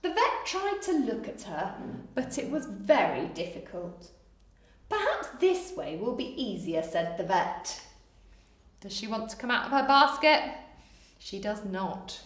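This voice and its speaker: A woman reads a children's picture book aloud, slow and unhurried, with a fairly high, bright voice. Her delivery swoops up and down with animated, coaxing asides that invite the children to join in. The sound carries the echo of a bare room. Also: far from the mic. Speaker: storyteller for children. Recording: echoey room.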